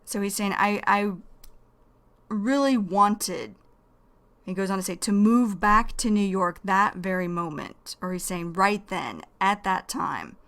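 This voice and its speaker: A woman teaching English vocabulary in a slow, careful lesson, repeating each key phrase. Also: medium pitch, a bit bright.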